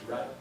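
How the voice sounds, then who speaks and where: A man directing a high school band rehearsal, scatting rhythms on nonsense syllables and counting the players in. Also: far from the mic. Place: large band rehearsal room. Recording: echoey rehearsal room from afar with band music. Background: band playing.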